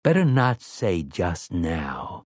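A sly, easygoing schemer, played by a man, breezy and conspiratorial with folksy turns of phrase. His speech has a low, lively pitch and an unhurried pace. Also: dry recording, studio quality, heavily acted.

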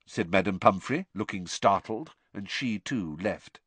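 Expressive male audiobook narrator, lower voice. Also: measured pace, hardly any pauses, husky, dry recording. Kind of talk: scripted narration.

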